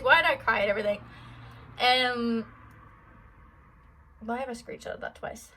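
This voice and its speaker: A woman's voice: fairly high pitch, fairly even intonation, measured pace, vocal fry, long pauses, sharp tone, a little hiss or hum, poor audio. An Irish woman in her twenties answering fan questions in a casual vlog, rambling and chatty with lots of fillers. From Ireland.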